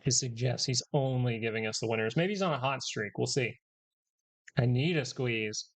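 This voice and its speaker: A man with a gravelly, creaky voice hosts a live market stream at a middle pitch. He rambles casually, corrects himself as he goes and jokes with his chat. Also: moderate pace.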